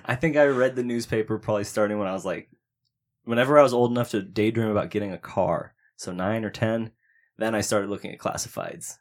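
A man's voice: lowish voice, fairly quick. A man co-hosting a podcast in casual banter, sarcastic and mocking, with frequent swearing. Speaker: podcast co-host.

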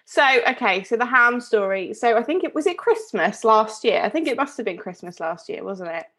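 A woman co-hosting a podcast tells a story in chatty, rambling fashion, interrupting herself and laughing often. Her voice is on the high side, a bit bright and husky, with lively intonation and a slightly fast pace.

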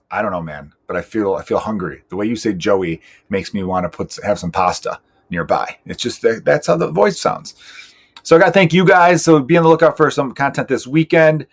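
A man's voice: mid-range voice, animated, brisk, breathy edge. A man in his thirties, a stand-up comedian hosting his own podcast, rambling in a profane, self-mocking, joking way. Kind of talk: casual solo podcast monologue.

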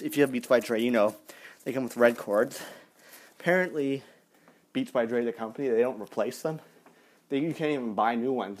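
A man hosting a podcast while walking through city streets, rambling and self-mocking, growing out of breath. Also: mid-range voice. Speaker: podcast host. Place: city streets outdoors, then stairwell. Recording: noisy street recording. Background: street traffic and clicks.

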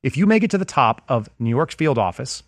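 Fast-talking man telling stories. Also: medium pitch, sing-song, no echo, studio quality. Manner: anecdotal, explains with stories and analogies. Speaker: guest, former federal agent. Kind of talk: casual interview conversation.

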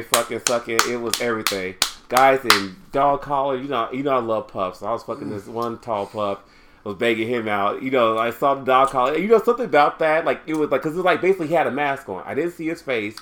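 A man's voice: mid-range voice, sharp tone. A man co-hosting a casual chat, recounting a trip in a rambling way with many restarts. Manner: rambling, with frequent restarts and fillers. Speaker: podcast co-host.

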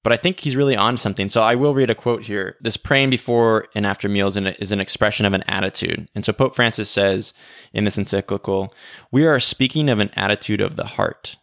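A man with a low, gravelly voice co-hosts a podcast in easy conversational talk. He leans on "like" and "right?" as he explains his ideas. The sound is dry and close-miked. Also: fairly quick, fairly bright tone, dry recording. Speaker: podcast co-host. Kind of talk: casual faith discussion.

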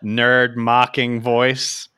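A man hosting a podcast in relaxed, chatty talk full of asides. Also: mid-range voice, drawn-out words, clean tone. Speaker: podcast host. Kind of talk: casual podcast chat.

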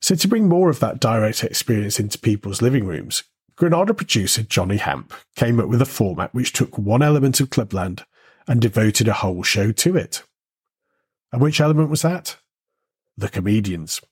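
A man hosting and narrating a retro show, speaking in a measured storytelling way with rhetorical questions. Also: on the low side, lively intonation, a little mellow, slightly rough. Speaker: host and narrator. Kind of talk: scripted narration.

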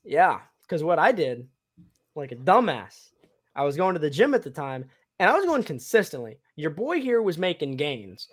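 Young male host, slightly high voice, chatty and rambling, lots of fillers. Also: big pitch swings, normal speed. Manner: rambling, upbeat, many fillers. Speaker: podcast host and cosplayer. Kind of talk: casual chat.

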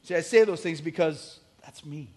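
A middle-aged man preaching a sermon, animated and joking, with rising emphatic bursts. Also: fairly high pitch, normal speed. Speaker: pastor.

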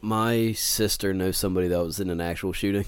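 Man, low voice, crude banter, dry recording. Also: fairly even intonation, fairly quick, clear, resonant tone, no room sound. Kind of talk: casual chat.

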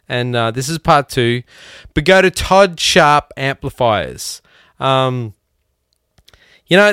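A man's voice: mid-range voice, fairly bright tone, clean tone, no echo, clean studio sound. A man hosting a guitar podcast who talks in a loose, rambling, profane way and laughs at himself. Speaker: podcast host. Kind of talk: casual chat.

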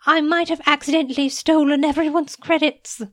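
A woman's voice: animated, slow pace, husky, exaggerated voice. A woman voicing a bumbling, nervous male alchemist who stammers and giggles. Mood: sheepish. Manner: stammering, giggly, high and anxious.

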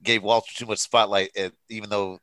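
Low-voiced man, dry close sound. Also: little pitch movement, a bit bright, no echo. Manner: halting, restarts, searches for names. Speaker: podcast co-host. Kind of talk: casual movie review chat.

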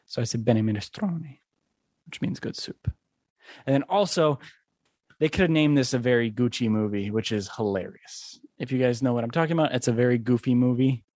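A man's voice: mid-range voice, expressive, brisk, a little mellow, no room sound, clean studio sound. A young man hosting a casual solo podcast, rambling and filling his talk with "like" and "um.". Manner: rambling, with lots of "like" and "um". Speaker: podcast host.

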